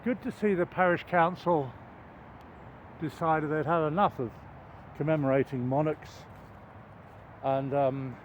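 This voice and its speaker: A man's voice: on the high side, darkish tone, dull audio, slight background noise. An older man telling a meandering, self-deprecating story while walking outdoors, with many ums and restarts. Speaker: vlogger. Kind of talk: rambling anecdotal chat while walking. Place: outdoors in a wooded cricket ground.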